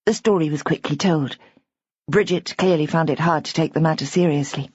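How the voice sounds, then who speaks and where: A woman narrating a mystery audiobook in a measured, even way. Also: low voice, slightly rough, no echo. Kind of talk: scripted narration. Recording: dull, lo-fi audiobook recording.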